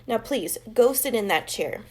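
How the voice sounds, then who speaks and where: A woman voicing a calm, patient schoolteacher in a storybook, gentle but firm. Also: fairly high pitch, a little slow, slight background noise.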